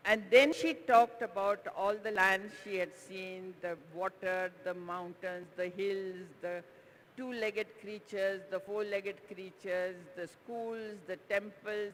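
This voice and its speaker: A man giving a conference speech, telling a story in an expressive, drawn-out way with lots of repetition. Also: sits high. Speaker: conference speaker. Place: conference hall. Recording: reverberant hall, faint background noise.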